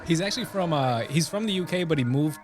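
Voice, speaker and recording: A man co-hosting a music reaction show in casual chat, hesitant and quick to laugh. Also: fairly high pitch, animated.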